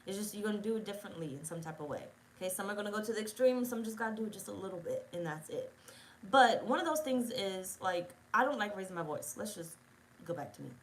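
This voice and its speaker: A woman's voice: medium pitch, expressive, fast talker, low-quality recording. A woman giving a tarot reading to her viewers in a rambling, casual way, swearing freely and often checking that they are following her. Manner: rambling, profane, talks straight to viewers. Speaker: tarot reader.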